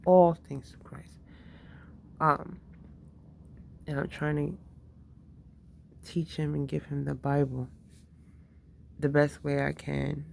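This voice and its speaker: A woman's voice: sits low, level tone, slow, gravelly, long pauses, a little hiss or hum. A woman and mother talking candidly in a casual personal monologue, swearing freely and laughing often.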